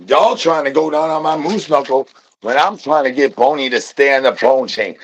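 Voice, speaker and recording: Man, livestream host, rambling nonsense, singsong repeats, low mumbles to loud shouts. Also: normal speed, slight background noise. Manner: goofy rhyming nonsense talk with singsong repeats. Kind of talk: rambling comedic stream chatter.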